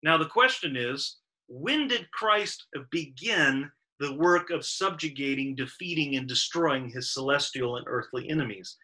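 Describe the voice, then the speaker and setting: A Bible teacher gives a Sabbath lecture in a man's voice that sits on the high side, with lively intonation and a sharp tone, speaking a little slowly. He works methodically through the verses, emphatically stressing strings of verbs one by one. The recording quality is low.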